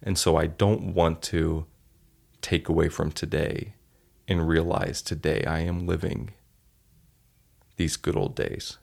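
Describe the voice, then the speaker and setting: A man's voice: very deep voice, little pitch movement, slow, vocal fry, long pauses, a little mellow. A man hosting a solo podcast, telling stories in an earnest, heartfelt way. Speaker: podcast host.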